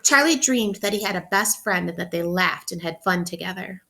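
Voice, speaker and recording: A woman teacher reading a picture book aloud to children, expressively, pausing to ask them questions. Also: fairly low pitch, gravelly, sharp tone, a little hiss or hum. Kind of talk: interactive read-aloud for children.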